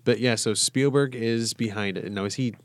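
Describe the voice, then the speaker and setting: A man's voice: mid-range voice, steady tone, moderate pace, no echo. A man co-hosting a podcast in casual chat, jokey and often laughing. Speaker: podcast co-host.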